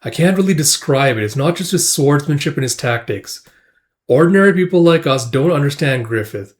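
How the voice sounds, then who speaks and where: A man's voice: fairly high pitch, animated, a little fast, natural voice. A man voicing a thoughtful, easygoing male mercenary in a casual comic recap, explaining things in a reflective way.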